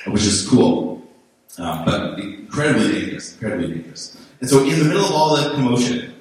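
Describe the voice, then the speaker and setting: A man's voice: on the low side, a little hiss or hum. A man preaching a conversational sermon, chatty and storytelling, with frequent "right?" and "like". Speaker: pastor. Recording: echoey hall from far off.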